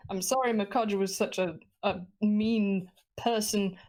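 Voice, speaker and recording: A woman's voice: medium pitch, steady tone, measured pace, a little mellow. Giggly woman running a tabletop game. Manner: chatty, giggly, apologetic. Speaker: game master.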